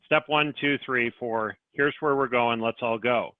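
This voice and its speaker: A man's voice: mid-range voice, steady tone, a little slow, no room sound. A man working as a business coach, talking through ideas with a guiding, questioning manner in a podcast conversation. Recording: tinny phone-like line, dry.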